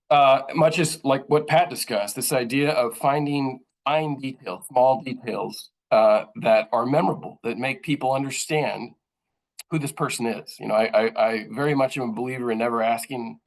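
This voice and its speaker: A man speaks as a journalist presenting to colleagues, his voice sitting at an ordinary middle pitch. He talks in an earnest, thoughtful way, pausing on fillers and restarting phrases as he works through his points. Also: rough recording. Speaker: journalist speaking at a training session.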